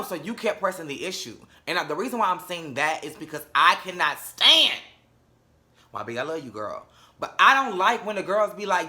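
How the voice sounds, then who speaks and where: Sassy young guy ranting about a reality show, super bright voice, bit high. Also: very animated, moderate pace. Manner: sassy, blunt, swearing. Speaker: reality TV reviewer. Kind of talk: casual episode review.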